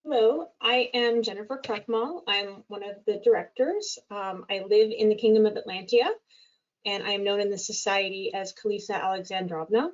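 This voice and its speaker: A woman's voice: medium pitch, normal speed. Matter-of-fact woman, distant on a call. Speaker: board director. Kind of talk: self-introduction in an online meeting. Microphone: video call. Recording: distant dull webinar audio.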